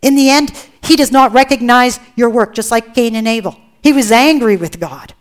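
Woman preacher, emphatic, questioning sermon delivery, slightly high pitch. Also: normal speed. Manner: earnest and emphatic, with rhetorical questions.

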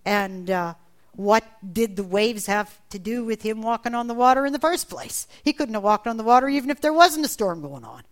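A woman preaching a sermon, animated, acting out the voices in the Bible story she retells. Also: normal speed. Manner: animated, acts out voices in quotes with big pitch jumps.

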